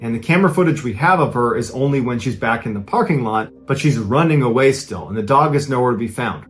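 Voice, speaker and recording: A man recounts a true-crime story, casual and conversational but building suspense. His voice sits at a mid pitch with faint music underneath. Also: expressive, fast talker. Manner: dramatic, conversational retelling.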